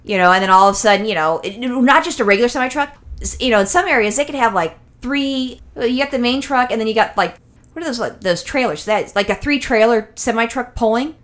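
A woman's voice: fairly high pitch, quick pace. A woman co-hosting a casual comedy podcast, rambling and profane as she tells stories. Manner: rambling, profane, animated storytelling. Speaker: podcast co-host.

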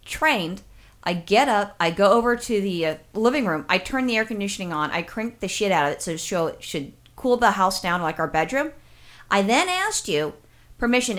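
A woman's voice: mid-range voice, lively intonation, quick pace, a bit bright. Woman, podcast co-host, blunt, swears a lot, joking. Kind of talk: casual comedic chat.

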